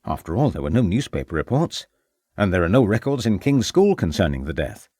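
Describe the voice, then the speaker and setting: A man voicing a shrewd Victorian police inspector who questions people in a formal, measured way. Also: sits low, very animated, dark tone, breathy edge, dry recording, clean studio sound, exaggerated voice.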